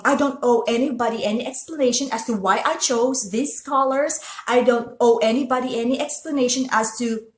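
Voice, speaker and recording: A woman from the Philippines speaks with a Filipino accent, her voice sitting a bit high. She talks to her viewers in an earnest, chatty way, often restarting her sentences. The sound carries a noticeable room echo. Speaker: host. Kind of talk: casual motivational talk to viewers.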